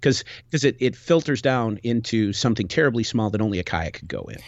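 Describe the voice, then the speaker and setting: A man recounts a trip in loose, rambling podcast chat, circling back and restarting his thoughts. The recording is dry and lacks sparkle, with a middle-pitched voice. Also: a little fast, dry recording, muffled recording. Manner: animated, rambling with many restarts. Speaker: podcast host. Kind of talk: casual storytelling chat.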